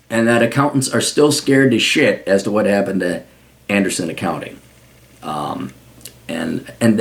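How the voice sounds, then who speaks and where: A man hosting a podcast, ranting casually in a profane, sarcastic way. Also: mid-range voice. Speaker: podcast host.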